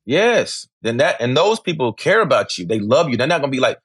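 A man's voice: medium pitch, big pitch swings, brisk, fairly bright tone, breathy edge, no echo, studio quality. Emphatic middle-aged man. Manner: emphatic, repetitive, sprinkles "man", swears freely. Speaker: interview guest, rapper. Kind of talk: candid conversational interview.

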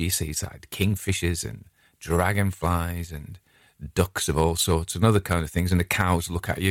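A low-pitched male voice belongs to a middle-aged podcast host from England, chatting casually on his own show as a friendly, digressive storyteller. The studio-quality audio has no echo.

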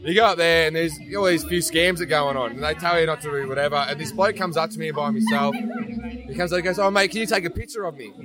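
A man's voice: on the high side, fast talker, a crowd in the background. A man, telling a travel story in a rambling, casual way and swearing freely. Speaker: guest.

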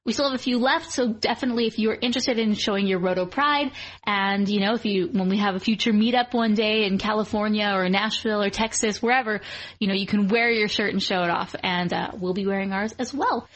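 A woman's voice: mid-range voice, brisk. A woman co-hosting a podcast in casual chat, laughing often and talking with fillers. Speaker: podcast co-host.

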